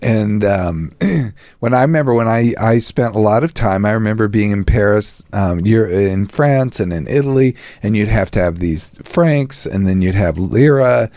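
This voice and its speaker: Chatty man with a low, dry voice. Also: animated, moderate pace, warm tone, dry recording. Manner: chatty, laughs often, rambling asides. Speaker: podcast host. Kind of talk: casual chat.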